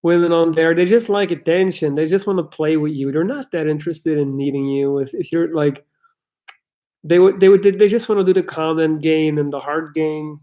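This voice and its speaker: A man's voice: a little high, normal speed, mellow. Chatty young man doing a livestream. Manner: loose, chatty, swears, laughs often. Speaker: life coach and livestream host. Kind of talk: casual livestream Q&A, reading chat.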